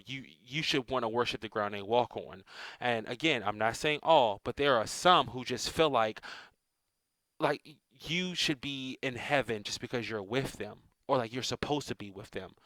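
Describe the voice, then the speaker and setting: A man's voice: medium pitch, fairly bright tone, no echo, rough recording. A man ranting bluntly into the camera in a casual, profane monologue, with many restarts and "um"s. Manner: profane, blunt, repetitive, with frequent hedging restarts and "um"s. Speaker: vlogger.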